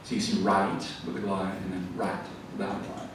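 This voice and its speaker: A man giving a lively, conversational public lecture to a library audience, then taking questions. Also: deep voice, a little fast. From American South. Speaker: author giving a library talk. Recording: roomy echo, distant mic, faint background noise.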